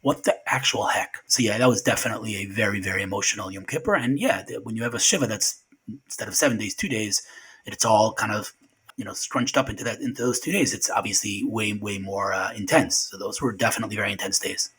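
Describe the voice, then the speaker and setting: A middle-aged man recalling loss in an interview, halting and repeating words as he talks. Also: fairly low pitch, fairly bright tone, breathy edge, low-quality recording. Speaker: guest. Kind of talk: emotional remembrance interview.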